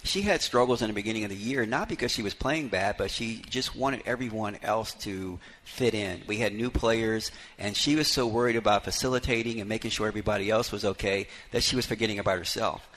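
Low-voiced coach telling folksy stories. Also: male voice, brisk, few pauses, fairly bright tone. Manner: folksy storyteller, many "you know" fillers. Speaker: head basketball coach. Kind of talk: live radio interview. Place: live broadcast at a bar with fans.

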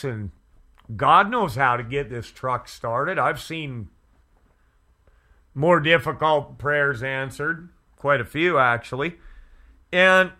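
Casting: male pastor, earnest testimony, unhurried delivery, slightly high voice. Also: sharp tone. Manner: slow, earnest, emphatic storytelling. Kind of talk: storytelling testimony.

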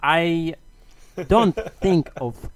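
A man's voice: fairly high pitch, very slow. A man delivering a mock-grandiose, argumentative monologue in an audio message sent to a show. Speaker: listener sending an audio message. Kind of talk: read-out monologue.

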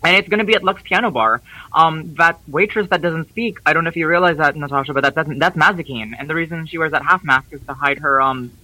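High, bright-voiced man eagerly explaining. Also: fast, no echo, rough recording. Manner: eager, talks over others, explains lore. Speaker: podcast co-host. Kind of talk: casual chat.

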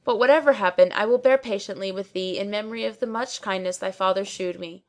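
A woman's voice: mid-range voice, a little fast, natural voice. A woman voicing a garrulous, pompous old male barber who talks on and on, full of pious sayings. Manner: long-winded, pious, quoting sayings.

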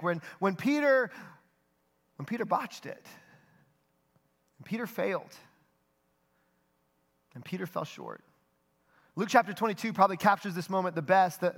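Young adult male pastor, earnest sermon delivery, fairly high voice, soft dramatic drops.

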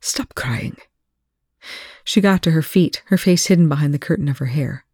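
To proofread a fiction chapter, a reader narrates it aloud steadily and plainly, speaking fast at a medium pitch. The home mic is close, and there is no echo.

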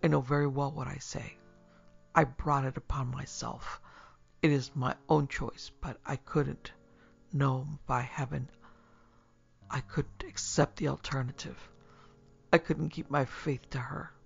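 A man voicing a feverish, delirious young drunk who speaks in hushed, plaintive whispers. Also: medium pitch, fairly even intonation, a little slow, vocal fry, pauses often, husky, exaggerated voice. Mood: insistent. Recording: dull lo-fi recording, faint music.

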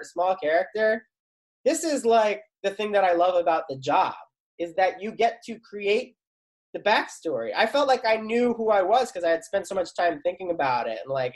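Man rambling through a chatty anecdote. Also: high voice. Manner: rambling, filler-heavy storytelling, lots of "like". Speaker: guest, actor and comedy writer. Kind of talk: casual anecdote on a talk show.

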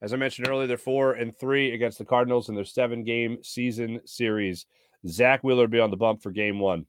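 A man's voice: medium pitch, steady tone, a little fast, clear, resonant tone, no room sound, studio quality. A man hosting a sports talk show, chatting casually with lots of fillers while reading viewer comments. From United States.

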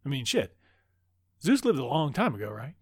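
A man with a rough, gravelly voice recaps a film with loose, rambling asides and constant swearing. His sarcastic commentary sits at an ordinary pitch for a man. The sound is dry and close, with no room echo. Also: sing-song, normal speed. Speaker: movie recap host. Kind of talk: profane comedic movie recap.

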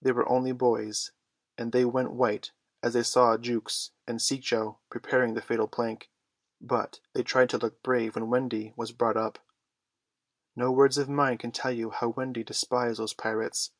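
A man reading a children's story aloud in an even, measured way. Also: medium pitch, no room sound, studio quality. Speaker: audiobook reader. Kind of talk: storybook narration.

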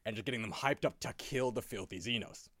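A man co-hosting a podcast in casual chat, an excitable storyteller who rambles with lots of fillers. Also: lowish voice, fairly quick, no room sound, clean studio sound. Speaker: podcast co-host.

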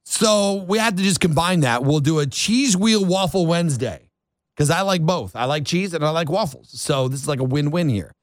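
Male morning radio host, rambling and self-mocking, lively pitch; close, dry studio mic. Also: normal speed, no echo. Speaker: radio talk show host. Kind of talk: casual morning radio chat.

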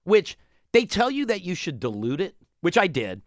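A man in a casual chat, telling a long story in a rambling, animated way. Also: high voice, moderate pace, no room sound, clean studio sound.

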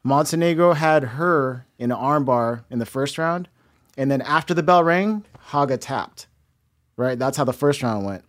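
A man's voice: medium pitch, moderate pace. A man on a podcast, working as producer, recapping a news story step by step with hesitant fillers in casual chat.

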